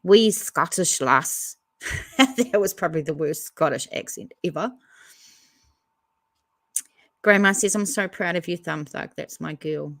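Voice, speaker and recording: A woman with a slightly low voice hosts a relaxed livestream. She reads out viewer comments and answers each one in easy, casual chat, as if talking to friends. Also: normal speed, vocal fry, no room sound, studio quality. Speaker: livestream host reading chat.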